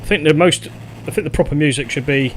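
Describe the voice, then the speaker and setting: A man's voice: fairly high pitch, quick pace, faint music behind. Easygoing man streaming retro games. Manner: relaxed, hesitant, chatting to viewers. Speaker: game streamer. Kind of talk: live gaming stream chat.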